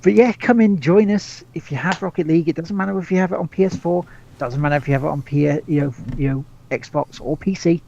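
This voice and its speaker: A man's voice: fairly high pitch, fast talker, creaky, mellow, muffled recording, a little hiss or hum. A man hosting a podcast in casual chat, rambling with lots of restarts, swearing and laughs. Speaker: podcast host.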